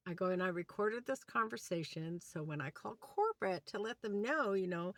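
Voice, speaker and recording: A woman's voice: medium pitch, moderate pace, few pauses, no room sound. A woman vlogger telling a story as a rant, acting out both sides of a conversation. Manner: animated retelling with quoted dialogue. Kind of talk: ranting storytime. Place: inside a van.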